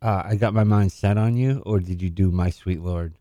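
Low-voiced man with dry wisecracks, close dry mic. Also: normal speed, mellow, no room sound. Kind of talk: casual talk show banter.

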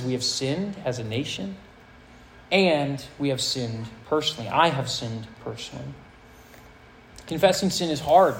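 A male pastor preaching a sermon to a high school audience, reading scripture aloud with earnest emphasis. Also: a little hiss or hum, poor audio.

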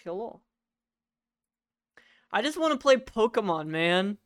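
A man's voice: sits high, big pitch swings, slow pace, smooth, no room sound, clean studio sound. A young man co-hosting a podcast, chatting casually with blunt teasing and easy swearing. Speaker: podcast co-host. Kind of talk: casual chat.

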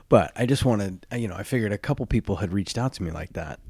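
A man hosting a solo podcast in his groggy early morning voice, talking haltingly with many fillers and restarts. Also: lowish voice, expressive, a little mellow, breathy edge, no echo. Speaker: podcast host.

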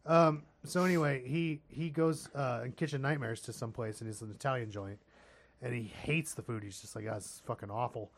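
A man co-hosting a casual podcast, telling lively stories, cursing freely and mimicking other people's voices. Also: medium pitch, normal speed. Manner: animated storyteller, swears, mimics others. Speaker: podcast co-host. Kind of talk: casual banter.

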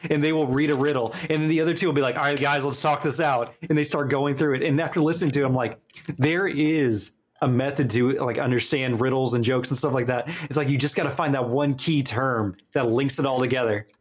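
A man's voice: medium pitch, quick pace. A man co-hosting a gaming podcast from home over an online call, chatting casually and telling stories with jokes and animation. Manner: joking, animated storyteller. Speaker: podcast co-host. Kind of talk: casual chat.

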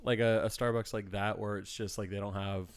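Low-voiced young man, laid-back chat. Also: flat delivery, a little fast. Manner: laid-back, profane, teasing. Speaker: podcast co-host. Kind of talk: casual chat.

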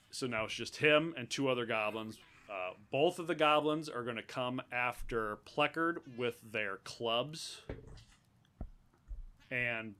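Bright-voiced male game master. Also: mid-range voice. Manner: casual, thinks aloud with restarts. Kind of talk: narrating a tabletop game.

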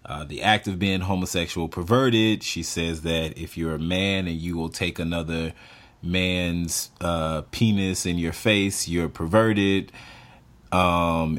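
A man co-hosting a casual podcast chat, laughing often and breaking into apologetic asides. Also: deep voice. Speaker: podcast co-host.

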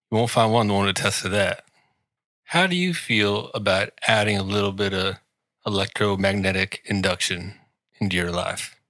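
A man's voice: fairly low pitch, bright, forceful tone, no echo. A man reading a comedic ad with sarcastic, mock-grandiose flair, teasing the listener. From Washington, D.C. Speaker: podcast host reading an ad. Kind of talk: comedic ad read.

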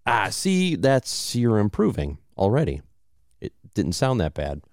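Lively low-voiced man from Southern Illinois. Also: a little slow, no room sound, clean studio sound. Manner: animated, storytelling, many restarts. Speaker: podcast co-host. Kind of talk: casual chat.

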